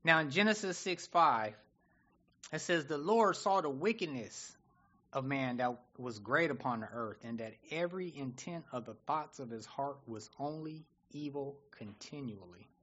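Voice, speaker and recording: A man preaching a sermon in an animated, conversational way, often acting out what people say. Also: mid-range voice, unhurried, slightly rough, lo-fi sound.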